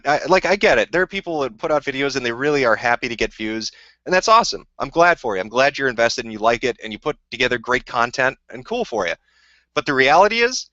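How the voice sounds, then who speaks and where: Pitched in the middle range with a sharp tone, this man's voice carries no room sound at all. He's live streaming and ranting casually, answering viewers' questions in a meandering, foul-mouthed, combative way, captured in a dull, dry, lo-fi recording.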